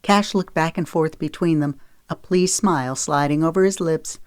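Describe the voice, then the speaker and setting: A woman narrating a romance audiobook in a steady, measured storytelling voice on a close studio mic. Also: low voice, dry recording. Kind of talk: scripted narration.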